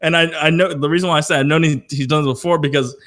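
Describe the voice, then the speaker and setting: A man's voice: a little high, steady tone, rapid-fire, fairly bright tone. A young man co-hosting a podcast in casual chat, swearing a lot and calling the other man dude. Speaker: podcast co-host.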